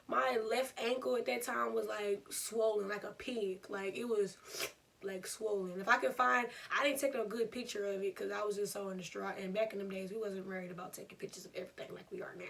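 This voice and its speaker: A young woman, telling a storytime vlog in an animated, laughing way. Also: mid-range voice, a little fast, gravelly, recorded from a distance. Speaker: vlogger.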